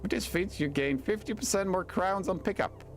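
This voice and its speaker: A man voicing a smooth, tempting inner voice of greed in a video game, speaking in a coaxing, drawn-out way. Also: high-pitched, faint music behind, pitched above the performer's own voice, lightly acted.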